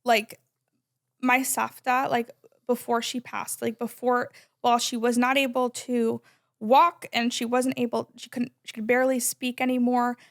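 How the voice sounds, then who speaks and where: A woman in her twenties, a podcast guest talking in a loud, emphatic, chatty way with many "like"s. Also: on the high side, little pitch movement, measured pace. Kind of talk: casual conversation.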